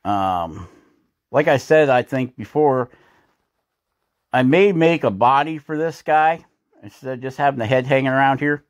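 A man's voice: medium pitch, unhurried, long pauses, no echo, studio quality. A man with a mid-range voice talks through his hand carving step by step. He is folksy and chatty and slips in jokes and wordplay as he works. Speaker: woodcarving channel host. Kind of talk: casual carving tutorial narration.

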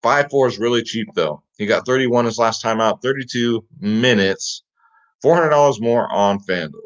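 A man of medium pitch and moderate pace hosts a fantasy sports picks show, running through his picks casually and with hype. He keeps saying "guys" and "get him in there," and the lo-fi audio sounds slightly dull.

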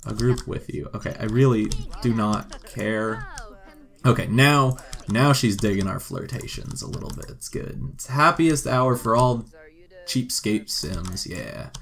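A gameplay video host with a lowish, gravelly voice gives casual, joking commentary while he plays, even talking to the game's characters.

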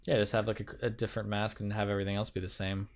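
A man's voice: fairly low pitch, level tone, racing. Hesitant male podcast co-host. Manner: hesitant, with many ums and restarts. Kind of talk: casual chat.

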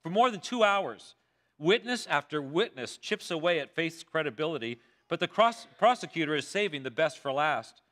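Bright-voiced storytelling pastor. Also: male voice, a little high, animated, normal speed. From Canada. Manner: dramatic storyteller, voices the characters. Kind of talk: sermon told as a courtroom story. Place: church sanctuary.

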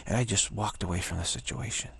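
This spiritual teacher talks fast in a low, creaky voice with a breathy edge, and his throat is sore. His casual spoken reflection is a rambling spiritual story marked by repetition and frequent restarts.

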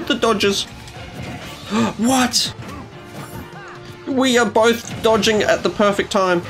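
A young man commentating his own video game matches, excitable and quick to yelp, gasp and trash-talk. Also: high-pitched, gravelly, faint music behind. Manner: excitable, yelps and gasps at plays, trash talk. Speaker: gaming YouTuber. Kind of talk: gameplay commentary.

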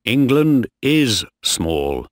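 A man voicing a calm, tired young ship officer speaking gently. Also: mid-range voice, very slow, no echo, clean studio sound.

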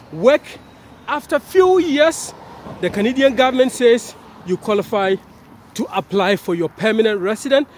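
A man's voice: very high-pitched, a little hiss or hum. A Ghanaian man with a Ghanaian accent, talking casually to camera in a vlog, chatty and repetitive, often correcting himself. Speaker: vlogger and journalist.

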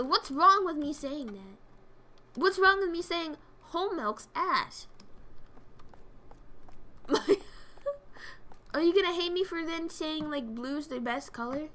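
A woman streamer chatting casually to her viewers while playing a game, playful and teasing, swinging between loud outbursts and low muttering. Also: a little hiss or hum. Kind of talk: casual gameplay commentary to chat.

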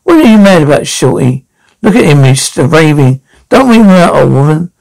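A woman puts on a full character voice as a brash, foul-mouthed old London nan for a TV sketch, heckling, taunting and name-calling everyone in a mocking, rude and cheeky way. Her voice is low-pitched, gravelly and darkish, very animated at a moderate pace. The recording quality is low.

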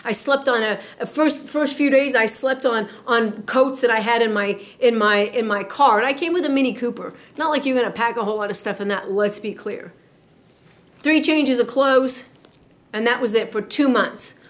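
Woman preacher, higher register, emphatic and exhorting, stretches key lines for weight. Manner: emphatic, exhorting, slows down to stress points. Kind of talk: sermon.

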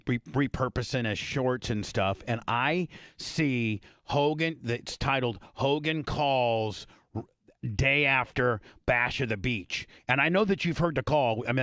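A man hosting a radio interview in a casual, profane and excitable way, often repeating himself. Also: mid-range voice, dry recording, studio quality. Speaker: radio show host.

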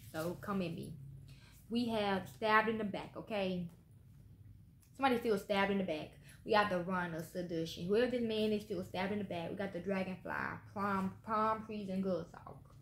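A woman's voice: medium pitch, moderate pace. Blunt, profane woman reading tarot cards. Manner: blunt and profane, swearing often; trails off with repeated "okay?" tags. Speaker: tarot card reader. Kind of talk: casual tarot reading to camera. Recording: echoey room with faint background noise.

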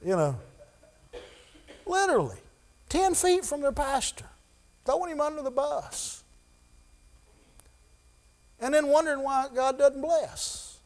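A man preaching a sermon in a church, building from quiet talk to loud, high-pitched preaching. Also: expressive, slow pace, long pauses. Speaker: pastor.

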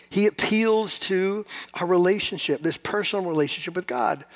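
Male pastor, fairly high voice, impassioned sermon delivery with emphatic build-ups. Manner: impassioned, rising to loud emphatic peaks; rhetorical questions to the congregation.

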